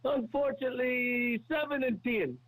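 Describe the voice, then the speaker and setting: A man's voice: very high voice, moderate pace, a bit bright. A man voicing a cocky, teasing male sports-fan caller who phones in to a talk show. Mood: brash. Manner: teasing, brash. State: coughing with a cold. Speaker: recurring comic caller. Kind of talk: call-in bit.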